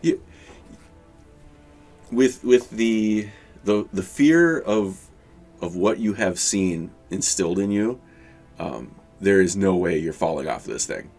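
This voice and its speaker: A man narrating a tabletop game as game master, halting and full of fillers. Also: low-pitched, expressive, a little mellow, faint music behind.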